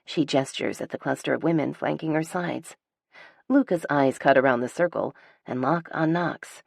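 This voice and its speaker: A woman narrating a first-person romance audiobook in a low, dark voice. Her delivery is dry and sardonic, unhurried and measured. The recording is close-miked and completely dry, with no room sound. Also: creaky, breathy edge, dry recording.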